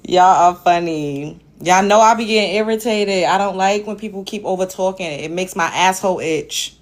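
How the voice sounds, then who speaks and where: A woman's voice: medium pitch, a little fast. A woman from Brooklyn with a New York accent, hosting a live panel chat in a blunt, profane, exasperated way. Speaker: host.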